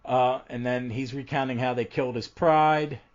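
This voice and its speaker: Male podcast host, casual rambling recap, mid pitch, muffled lo-fi audio. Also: fairly even intonation, moderate pace. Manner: rambling recap with frequent ums and restarts. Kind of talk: casual comic book podcast chat. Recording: dull lo-fi audio.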